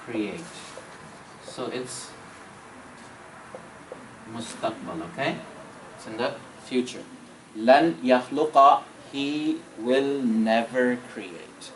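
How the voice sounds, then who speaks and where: A man teaching a grammar class, repeating each point, checking in with students and reciting verses quickly. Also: medium pitch, expressive, a little hiss or hum, low-quality recording. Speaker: Arabic teacher.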